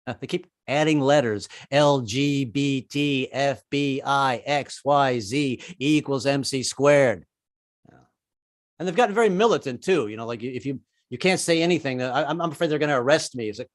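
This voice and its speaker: A man's voice: medium pitch, moderate pace, dry recording, clean studio sound. A man doing a rambling, self-deprecating stand-up set over a video call, slipping into voices. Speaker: stand-up comedian.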